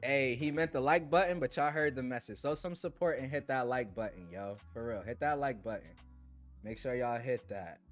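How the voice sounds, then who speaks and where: A relaxed man hosts a tech livestream, greeting viewers by name and trading jokes in easy slang. His voice sits in a middle register and laughs break in often. Faint music plays softly behind him. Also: mid-range voice, normal speed. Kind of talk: casual livestream chat reading super chats.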